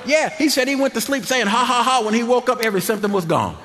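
An older man preaching a sermon, animated and laughing, swinging between loud and quiet. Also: extremely high pitch, quick pace. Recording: long hall reverb.

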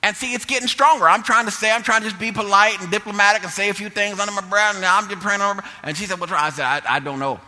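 A man preaches a sermon through a personal story, his voice bright and a little high. He drops to low murmurs, then climbs to loud exhortation. Long reverb from a large hall trails behind him. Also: fairly even intonation, rapid-fire, few pauses.

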